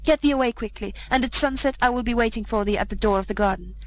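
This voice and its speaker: A woman voicing a cruel old male magician in a storybook reading, giving slow, stern threats. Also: a little high, close to an everyday voice, poor audio. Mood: threatening.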